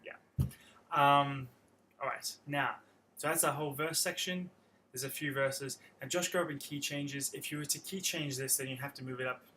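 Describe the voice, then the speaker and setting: Male guitar teacher, mid-pitched voice, explains chords step by step, loud acoustic guitar behind. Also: normal speed, poor audio. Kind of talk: livestreamed guitar lesson. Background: his own acoustic guitar playing.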